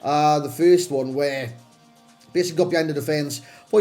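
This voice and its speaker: High-voiced chatty man reviewing a game. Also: fairly even intonation, moderate pace, darkish tone, soft background music. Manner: chatty, self-deprecating, rambling with restarts. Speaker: gaming channel host. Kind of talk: casual game review commentary.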